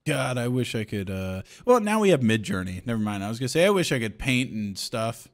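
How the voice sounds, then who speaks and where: A man's voice: mid-range voice, a little fast. A man co-hosting a podcast, telling stories in casual, profane chat and laughing often. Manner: profane, laughing, animated storytelling. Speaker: podcast co-host.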